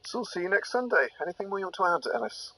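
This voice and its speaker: A man's voice: high voice, animated, rapid-fire, pushed and bright, low-quality recording. A man co-hosting a comedy podcast, playful and rambling as he jokes. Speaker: podcast co-host.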